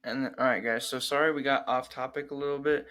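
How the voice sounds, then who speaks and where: A young man with an ordinary mid-pitched voice chats easily on a podcast. He drops in frequent fillers and sounds close to the mic. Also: steady tone, a little fast, sharp tone. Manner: easygoing, filler-heavy. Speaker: podcast co-host. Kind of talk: casual chat.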